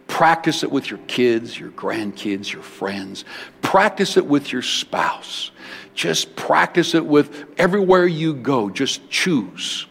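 A man preaching a sermon as pastor in a large church building, switching between loud bursts and hushed words. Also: medium pitch, lively intonation, measured pace, creaky, slightly rough. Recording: long hall reverb.

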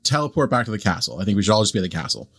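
A man's voice: on the low side, very animated, rapid-fire, a bit bright, husky, no echo, clean studio sound. A man playing a tabletop role-playing game, easygoing, asking the group what to do. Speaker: player. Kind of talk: casual tabletop role-play.

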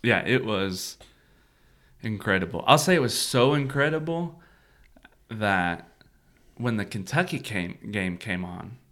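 A man's voice: fairly low pitch, expressive, measured pace, a bit bright. A man co-hosting a church podcast, chatting casually and laughing often. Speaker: podcast co-host. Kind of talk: casual chat.

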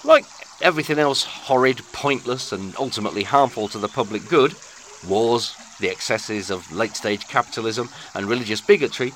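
A man's voice: medium pitch, moderate pace, fairly bright tone, a little hiss or hum. A man with a British accent, hosting a podcast with a florid, sardonic scripted monologue. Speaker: podcast host.

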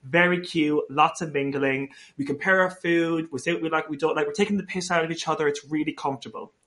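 Male co-host, quick and bright, camp, animated storyteller. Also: fairly high pitch. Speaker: podcast co-host. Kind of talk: casual chat.

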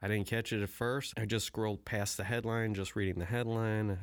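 A man's voice: lowish voice, steady tone, moderate pace, clear, resonant tone, no echo, clean studio sound. A man talking to the camera in a rambling, joking way, with plenty of profanity. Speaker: vlogger. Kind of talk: casual chat.

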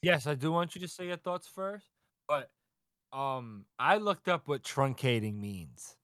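A man co-hosting a casual podcast, retelling a manga chapter in an animated way, acting out the characters and laughing as he goes. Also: a little high, a little slow, no echo, studio quality. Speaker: podcast co-host.

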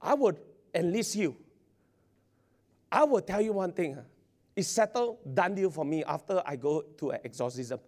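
A male pastor, preaching a sermon in an excitable way, repeating words and laughing often. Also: high-pitched, normal speed, pauses often. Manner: excitable, stammering repetitions, frequent laughter.

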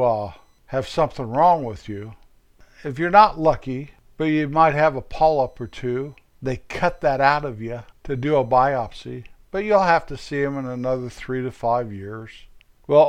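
Older man, folksy, rambling, joking, digressive monologue. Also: medium pitch. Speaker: vlogger.

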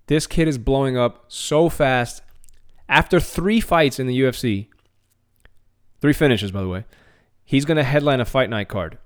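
A man hosting a podcast, chatting casually and excitedly about MMA news, often repeating words and restarting his phrases. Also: mid-range voice, moderate pace, clear, resonant tone. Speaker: podcast host.

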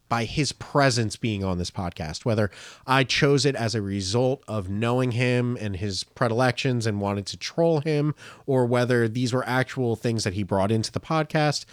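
A man's voice: medium pitch, normal speed, clear, resonant tone, dry recording, clean studio sound. A man co-hosting a podcast, running a quiz game and reading reviews aloud in casual, jokey banter.

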